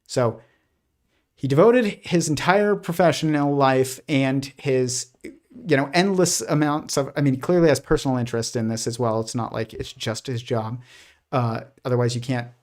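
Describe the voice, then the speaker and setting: Talking at normal speed with a medium-pitched voice, this American livestream host muses through his thoughts casually. His speech wanders, with frequent restarts, plenty of fillers, and soft laughter.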